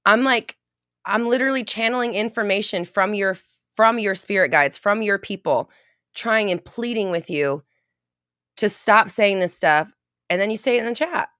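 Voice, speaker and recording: A woman's voice: mid-range voice, lively intonation, moderate pace, a bit bright, no room sound, clean studio sound. A woman hosting a manifesting podcast, talking in a blunt, emphatic and profane way in casual motivational chat. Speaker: podcast host.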